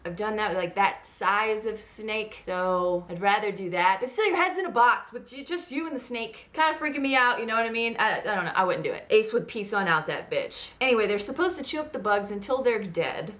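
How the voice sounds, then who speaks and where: A woman recapping a TV show in casual chat, animated and rambling, swearing a lot. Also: mid-range voice, a little fast, hardly any pauses.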